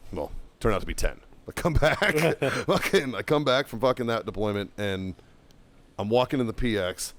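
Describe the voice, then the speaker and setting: A middle-aged man, a podcast host, telling a profane story in casual chat, shouting when he quotes himself. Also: medium pitch, animated, moderate pace.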